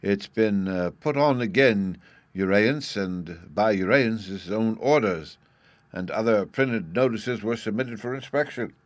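A man's voice: lowish voice, a little slow, no room sound, close to an everyday voice. A man voicing a sheepish, nervous court chancellor who stumbles over his words. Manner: sheepish, hesitant.

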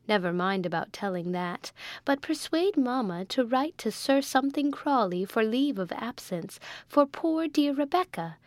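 A woman's voice: on the high side, lively intonation, normal speed, no echo, pitched above the performer's own voice, lightly acted. A woman doing an eager good-natured girl.

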